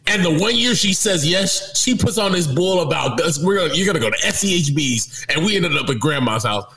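A man recounts a story from his childhood in a lively, up-and-down voice that sits a little high for a man. He laughs through it and gets loudly indignant when his friend pushes back. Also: fairly quick, poor audio. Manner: animated, laughing, indignant protests. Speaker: storyteller guest. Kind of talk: casual storytelling chat.

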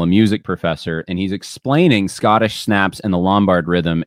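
A man with a low voice hosts a podcast and talks loosely to listeners joining a live stream. He thinks out loud, restarts his sentences and fills the gaps with "uh". The sound is close and dry. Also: no room sound. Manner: thinks aloud with restarts and fillers. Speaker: podcast host. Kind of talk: casual talk to a live audience.

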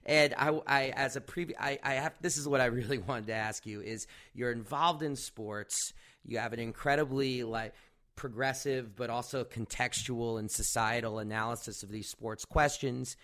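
A man's voice: mid-range voice, steady tone, normal speed, a bit bright. A man hosting a casual interview, asking friendly, rambling questions. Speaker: podcast host.

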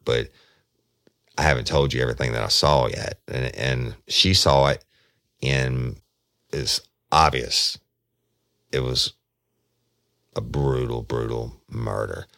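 A man's voice: a bass voice, slow, gravelly, long pauses, pushed and bright, dry recording, studio quality. A middle-aged man, a former detective, telling a case in a folksy, casual way, often quoting himself and talking straight to his listeners. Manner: folksy, addresses listeners as y'all, quotes himself at length. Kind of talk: casual spoken storytelling.

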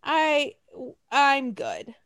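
A young woman with a high voice that leaps around as she chats, animated and profane, laughing between thoughts. The sound is close and dry. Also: extremely slow, dry recording. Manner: animated, swearing, laughing often. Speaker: podcast co-host. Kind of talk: casual chat.

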